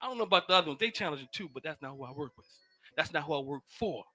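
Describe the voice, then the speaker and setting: Delivering a teaching very fast and expressively, a man preaches in a casual, impassioned sermon style. His volume swings from shouts to murmurs, and he keeps repeating phrases.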